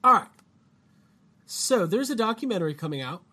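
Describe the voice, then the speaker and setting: A man's voice: high-pitched, very animated, moderate pace, bright, forceful tone, husky. Joking, profane male podcast host. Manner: loose, joking, swears freely. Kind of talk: casual podcast chat.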